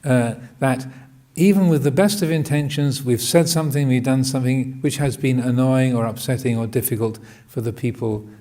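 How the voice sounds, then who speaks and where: A man giving a Buddhist dharma talk, hesitant and full of restarts, often laughing gently. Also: medium pitch, moderate pace, few pauses. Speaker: Buddhist monk teaching.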